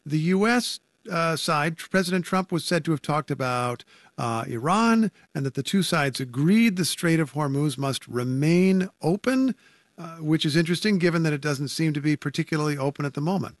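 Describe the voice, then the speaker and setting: A man's voice: a little high, lively intonation, moderate pace, no echo, clean studio sound. A man anchoring a radio news program, speaking conversationally with wry asides as he introduces reporters and guests.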